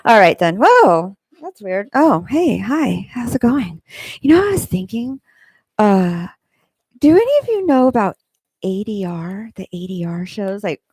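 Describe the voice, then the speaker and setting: A woman talks casually on her own livestream, reading chat aloud and wandering from one aside to the next. Her voice sits at a middle pitch. She is recorded on a close desk mic in a dry home room. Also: sing-song, unhurried, darkish tone, breathy edge, dry recording. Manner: rambling, reads chat comments aloud. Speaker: livestream host. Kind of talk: casual live-stream chat. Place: home room with a fan running. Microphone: desk microphone.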